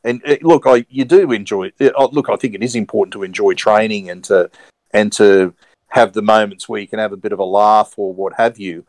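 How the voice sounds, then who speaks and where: Hesitant, low-voiced man. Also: brisk, a little mellow, dry recording, poor audio. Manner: hesitant, many fillers and restarts, careful wording. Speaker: podcast co-host. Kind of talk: casual sports podcast chat.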